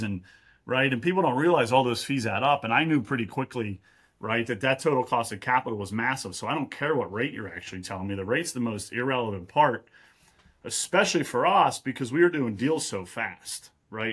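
A man's voice: on the low side, fairly bright tone, a little hiss or hum. A man from Pittsburgh, a real estate investor, explaining at length as a guest in a podcast interview and often checking in with "right?". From Pittsburgh, USA.

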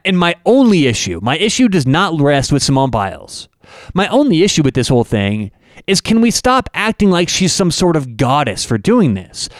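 Animated, emphatic man hosting a podcast. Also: on the high side, no echo, studio quality. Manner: emphatic, ranting with rhetorical questions. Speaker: podcast host and network owner. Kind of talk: opinionated podcast monologue.

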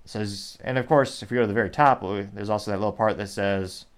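A man's voice: on the low side, fairly even intonation, a little fast, clear, resonant tone. A man from Texas hosting a podcast, reading social media replies aloud with wry, sarcastic asides in a casual commentary style. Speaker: podcast host.

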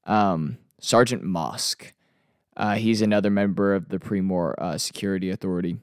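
Man, low voice, gravelly, smooth, casual show review, filler-heavy chat, dry close sound. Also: normal speed, no room sound. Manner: relaxed, chatty with frequent ums and uhs. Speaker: TV review host.

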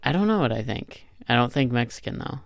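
A man co-hosting a casual podcast, easygoing and quick to laugh. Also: mid-range voice, sing-song, vocal fry, dry recording. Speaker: podcast co-host. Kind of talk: casual chat.

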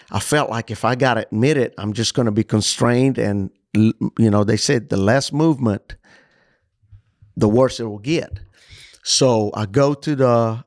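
A man, a coach, telling his own story as an interview guest, lively and acting out the dialogue. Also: mid-range voice, no room sound, studio quality. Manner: animated, acts out dialogue. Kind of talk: personal storytelling in a podcast interview.

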